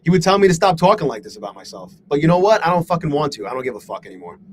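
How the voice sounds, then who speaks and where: A fairly high-voiced man streams his day trading live and talks straight to his viewers. He is frustrated and self-deprecating, swearing freely. Faint background noise runs under his voice. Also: big pitch swings, rapid-fire, low-quality recording. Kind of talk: live stream talking to chat.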